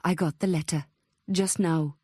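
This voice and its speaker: A woman reading the lines of an earnest, eager adult man who talks in hurried, halting phrases. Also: on the high side, steady tone, a little mellow, breathy edge, dry recording, clean studio sound.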